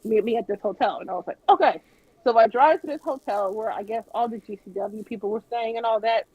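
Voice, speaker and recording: A woman with a husky, slightly raspy voice tells a lively story, swearing freely and mimicking the people she quotes. The sound is dry and dull, like lo-fi stream audio. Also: fairly high pitch, quick pace, no room sound. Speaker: guest. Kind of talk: casual storytelling on a podcast.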